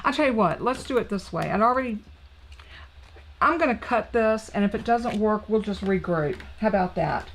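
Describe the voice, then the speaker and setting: A woman's voice: mid-range voice, expressive, normal speed, slight background noise, poor audio. Southern woman demoing card-making live, gushy, chatty, full of ums. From Southern United States. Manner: chatty, gushing, thinks aloud with fillers. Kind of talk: live crafting stream.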